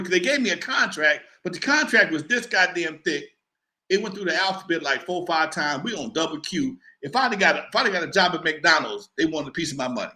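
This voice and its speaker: Animated, profane man spinning a tale. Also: fairly high pitch, fast talker. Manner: animated, profane, acts out the voices of others. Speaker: show host telling a story. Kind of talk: casual live-show storytelling.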